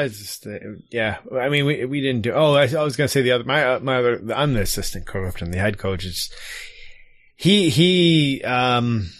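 A middle-aged man chatting casually as an assistant youth soccer coach, talking in halting bursts with many restarts. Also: medium pitch, fairly bright tone, no echo. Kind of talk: casual chat.

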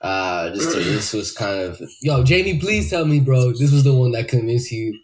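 A man hosts a loose movie chat and laughs often. His banter is slangy and excitable, with a mid-range voice. He sounds casual throughout. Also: mid-range voice, normal speed, poor audio. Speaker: podcast host.

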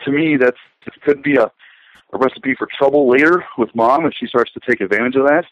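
A man's voice: mid-range voice, fairly quick, fairly bright tone, no room sound. Rambling middle-aged man, dull lo-fi sound. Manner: rambling, hesitant with many fillers and restarts. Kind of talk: casual conversation.

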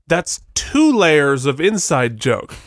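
A man's voice: fairly high pitch, very animated, takes it slowly, no room sound, clean studio sound. A man co-hosting a podcast, rambling and poking fun at himself in casual chat. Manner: rambling and self-mocking. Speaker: podcast co-host.

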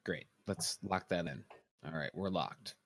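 A man leading a casual comedic chat in a deadpan, mock-serious way. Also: low-pitched, unhurried, creaky, no room sound, studio quality.

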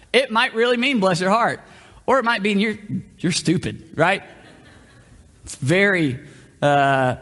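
This pastor's voice sits on the high side and sounds fairly bright. Preaching conversationally, he keeps asking the congregation questions and varies his pace, all captured with the long echo of a church hall.

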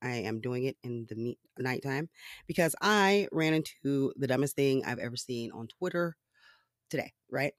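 On his own podcast, a man goes on a casual solo political rant full of swearing and sarcasm, often laughing and rambling with fillers. His voice is mid-range and expressive at a moderate pace. The studio sound is clean, with no room sound.

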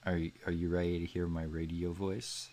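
A man hosting a podcast in casual chat from his bedroom, often mumbling and trailing off softly. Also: low voice, little pitch movement, a little fast. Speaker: podcast host. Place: bedroom at home.

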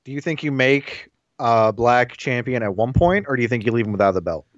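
Co-host: relaxed, agreeable man, average pitch, dull lo-fi sound. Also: fairly quick, dry recording. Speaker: podcast co-host. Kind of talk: casual wrestling talk.

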